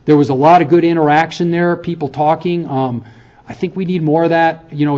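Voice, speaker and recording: Casting: professor in his fifties, slightly high voice, earnest lecture-hall talk, muffled lo-fi recording. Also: warm tone. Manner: conversational, earnest, frequent "okay?" check-ins. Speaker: university professor. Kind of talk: farewell lecture to students.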